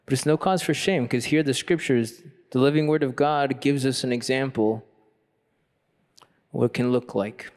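Earnest priest telling a personal story. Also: male voice, moderate pace, darkish tone. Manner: rises to a fervent pitch when preaching. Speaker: Catholic priest. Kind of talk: conference workshop talk.

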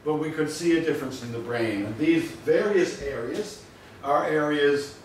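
Man lecturing in a very echoey room. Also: on the high side. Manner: measured and explanatory, stressing key points. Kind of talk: university lecture. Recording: very echoey room from a distant mic with faint noise.

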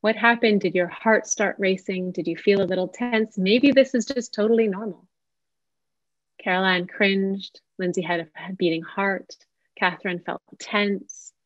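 Calm, inviting woman leading a workshop. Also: mid-range voice, unhurried, no room sound. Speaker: social worker and psychotherapist leading a workshop. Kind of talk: online parenting workshop talk. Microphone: video call. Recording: dull dry video call audio.

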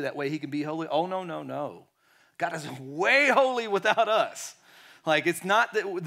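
A man preaching a sermon in a lively way, acting out quotes and dropping to quiet tones. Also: fairly high pitch. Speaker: pastor.

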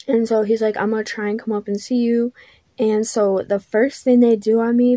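A woman's voice: medium pitch, dark tone, no echo. A young woman telling a casual storytime vlog, chatty and blunt, full of filler words. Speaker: vlogger.

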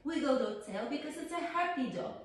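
A high-voiced woman leads a children's yoga class in a playful, coaxing way, checking in with the kids with little questions. She sounds some way from the mic in a very echoey room. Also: lively intonation, brisk, far from the mic.

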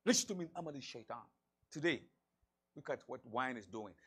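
A man giving a sermon as an imam, animated and full of rhetorical questions and repetition. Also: mid-range voice, normal speed, slightly rough.

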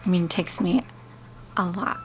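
Speaking at normal speed in a lowish voice, a middle-aged beauty vlogger rambles through a personal story as she applies her makeup. Her chatty delivery is full of fillers, and music plays in the background.

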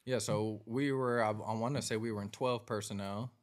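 A man's voice: on the low side, steady tone, normal speed. Laid-back man telling a story. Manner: laid-back, loose, filler-heavy delivery. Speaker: podcast guest. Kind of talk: casual storytelling.

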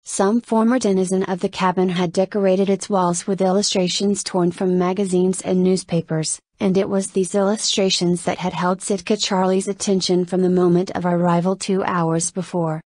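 A woman narrating an audiobook in a steady, measured storytelling voice. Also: fairly low pitch, dry recording. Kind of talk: scripted narration.

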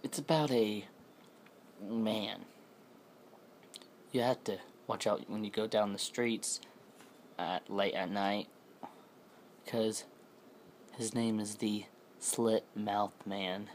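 Male storyteller, casual and rambling, with a deep, unhurried delivery. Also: fairly even intonation, a little hiss or hum. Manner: rambling, self-correcting. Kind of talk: casual spoken scary story.

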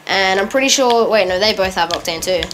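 A woman giving casual, excitable gameplay commentary, correcting herself quickly and laughing often. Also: mid-range voice, background noise. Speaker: gamer.

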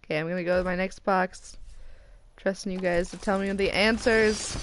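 An American woman streaming a game, chatting casually and getting excited as she opens loot boxes. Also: medium pitch, normal speed, a little hiss or hum. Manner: excitable and chatty, squealing at rare items. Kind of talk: casual commentary while opening loot boxes.

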